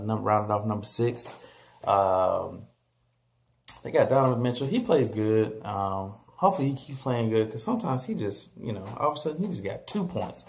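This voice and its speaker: A man talking casually about basketball standings on his vlog, animated and joking, trash-talking teams and players. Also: lowish voice, creaky. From San Antonio, Texas. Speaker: vlogger.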